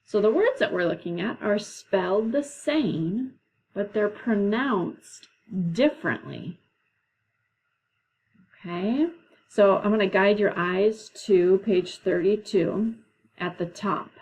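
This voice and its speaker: A woman teacher leading a classroom lesson, explaining patiently and slowly, with frequent "okay"s. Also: medium pitch, lively intonation, darkish tone, husky, rough recording. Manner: slow, patient, drawn-out explanations.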